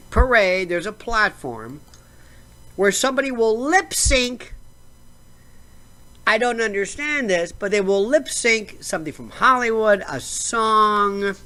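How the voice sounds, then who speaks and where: A woman's voice: medium pitch, a bit bright. An American woman hosting a show, delivering a sarcastic, rambling comedic rant full of digressions. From United States. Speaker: show host.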